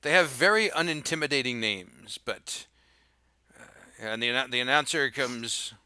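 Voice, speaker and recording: A man's voice: medium pitch, moderate pace, pushed and bright, clean tone, no room sound. A young man narrating as game master, describing the action in a storytelling way with frequent fillers.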